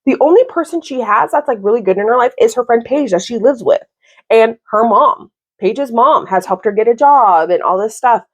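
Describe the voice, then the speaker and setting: A woman in her thirties giving a casual, exasperated book review, talking in an animated way with lots of "like". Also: a little high, normal speed. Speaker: book vlogger.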